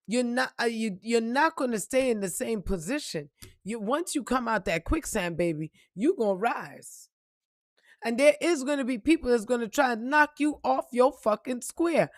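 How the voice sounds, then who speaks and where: A woman's voice: on the high side, animated, moderate pace, dry recording, clean studio sound. A woman giving a blunt, emphatic motivational monologue and swearing freely, calling the listener "baby". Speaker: spiritual reader.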